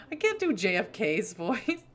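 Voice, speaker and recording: A woman from Boston, a streamer, chatting casually with rambling asides while reading a game aloud. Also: a little high. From Boston, USA.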